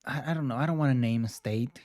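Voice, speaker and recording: A man's voice: mid-range voice, quick pace, darkish tone. A man from Mexico, talking English in a loose, rambling way full of filler words and slang as he hosts a reaction video. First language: Spanish. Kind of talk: casual reaction commentary.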